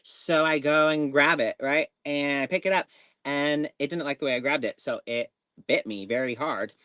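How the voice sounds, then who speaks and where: A man hosting a casual live psychic stream, animated and laughing as he tells stories and reads tarot cards. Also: a little high, normal speed, no echo. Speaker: psychic reader host.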